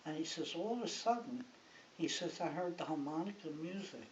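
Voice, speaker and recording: A woman's voice: low-pitched, animated, normal speed, a little mellow. An older woman, a grandmother, telling a rambling, chatty story in her living room, often checking in with her listener. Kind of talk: casual storytelling. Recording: hissy, muffled home recording from a distance in an echoey room.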